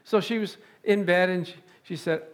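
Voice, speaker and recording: A man preaching a sermon, animated and chuckling often, calling out to his congregation. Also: high-pitched, normal speed.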